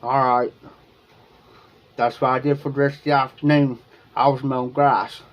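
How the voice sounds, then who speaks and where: Flat and mid-range, a man's voice comes through lo-fi sound at a moderate pace. He hosts a livestream from Ohio, casually telling viewers a long personal story that rambles, circles back on itself, and includes quoted lines.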